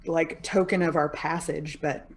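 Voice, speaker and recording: A woman playing a tabletop game, talking casually and quickly. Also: deep voice, steady tone, creaky. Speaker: player.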